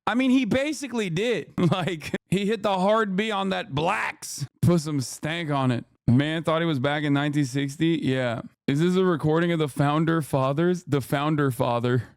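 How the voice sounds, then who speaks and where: A man's voice: a little high, moderate pace, hardly any pauses, smooth, no echo. A man hosting a stream, reacting to political clips with blunt, profane, sarcastic commentary into a close mic.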